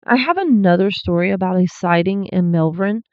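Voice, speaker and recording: A woman's voice: fairly low pitch, lively intonation, normal speed, clear, resonant tone, dry recording. A woman hosting a channel, reading paranormal stories aloud and breaking in with blunt, swearing asides. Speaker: host. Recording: slightly dull lo-fi recording.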